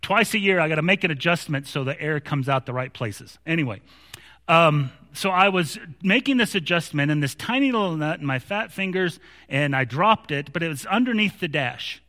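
Bright-voiced preacher man in a reverberant hall. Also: a little high, animated, moderate pace. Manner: storytelling with growing animation, many restarts. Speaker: pastor. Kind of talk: sermon.

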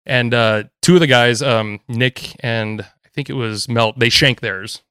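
A man, a golf caddie, telling stories in an animated, laughing, casual chat. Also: mid-range voice, clear, resonant tone, no echo, studio quality. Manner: animated, quick, laughing storyteller.

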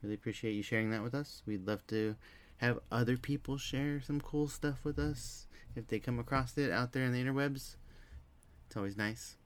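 A man's voice: mid-range voice, normal speed, smooth. A man co-hosting a casual podcast, laid-back and dry, with sarcastic jokes. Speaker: podcast co-host.

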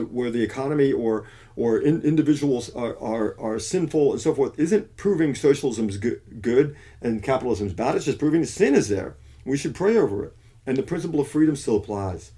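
A man with a dark, mellow voice preaches in an emphatic monologue. He often breaks off and restarts his sentences, then slows down to press his points home. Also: medium pitch. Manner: emphatic, restarts and self-corrections. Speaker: Christian commentator.

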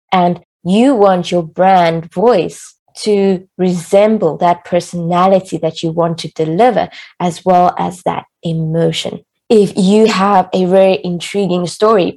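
Young adult woman coach, lowish voice with vocal fry, encouraging how-to delivery. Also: darkish tone. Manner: encouraging, practical tips with small slips. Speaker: podcast coach. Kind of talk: instructional talk to camera.

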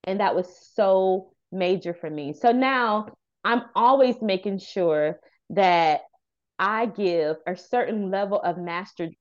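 A woman's voice: mid-range voice, slow pace, lo-fi sound. A woman in her thirties, a youth center founder and therapist, telling a heartfelt personal story in an interview. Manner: earnest, animated storyteller acting out quoted dialogue.

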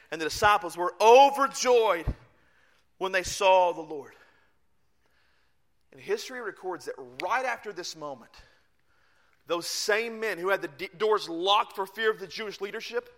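A male pastor preaching a sermon, telling the story in an animated way and breaking into shouts. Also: high voice.

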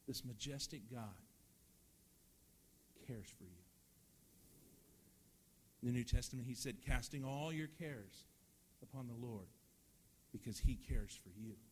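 A middle-aged male pastor preaching a sermon in a church, earnest, swinging from loud emphasis down to hushed, soft lines. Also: mid-range voice, slight background noise.

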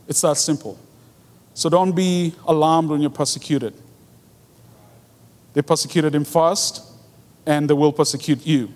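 A man's voice: fairly high pitch, steady tone, measured pace, pauses often, a little mellow. A man preaching a sermon in an earnest way, repeating his key phrases for emphasis. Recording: long hall reverb.

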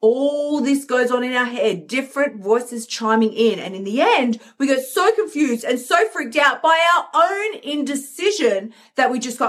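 Peppy woman coach on a live stream, high-ish voice, acts out the voices in your head. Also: moderate pace, few pauses. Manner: energetic, emphatic, acts out inner voices. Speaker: host, coach. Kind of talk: motivational live stream talk.

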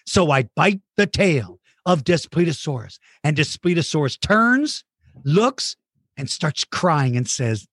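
A man's voice: a little high, very animated, a little slow, a bit bright, slightly rough, no room sound, studio quality. A man hosting a playful chat with a child about dinosaur battles, goofy and teasing with mock outrage. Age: adult. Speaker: host interviewing a child.

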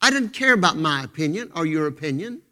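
High, bright-voiced fervent male preacher. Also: very animated, quick pace. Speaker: pastor. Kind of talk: sermon. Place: church pulpit.

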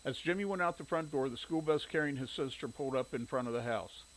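A man reading a story aloud in steady audiobook narration. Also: medium pitch, quick pace, low-quality recording.

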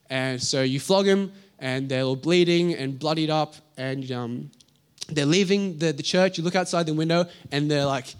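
A young man delivers a sermon in a voice pitched a little high. He tells the story vividly, slipping into the voices of its characters. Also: moderate pace. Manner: animated storytelling, acting out voices in asides. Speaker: preacher.

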